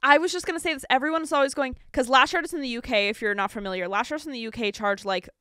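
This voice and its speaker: A woman's voice: high-pitched, racing, fairly bright tone, smooth, no echo, studio quality. A young woman from the United States co-hosting a casual podcast, talking in a chatty way with lots of fillers. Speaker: podcast co-host. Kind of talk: casual chat.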